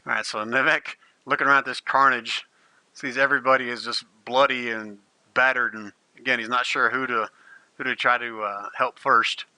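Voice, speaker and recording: A man in the game master's seat, narrating a tabletop battle with vivid, gleeful relish. His voice is very bright and forward. It sounds close and dry, with no room around it. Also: mid-range voice, steady tone, moderate pace, no room sound, low-quality recording.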